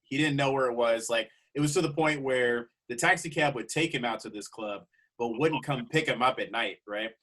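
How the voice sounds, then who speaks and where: A man with a mid-pitched, bright voice tells a comedy road story as a podcast guest. He talks loosely and casually, with restarts, and backs the host up with quick agreement.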